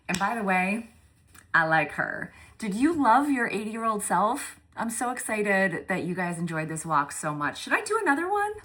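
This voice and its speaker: Husky low-voiced fitness coach. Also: female voice. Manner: emotional and animated. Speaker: fitness coach and program host. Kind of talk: casual recap talk to her community.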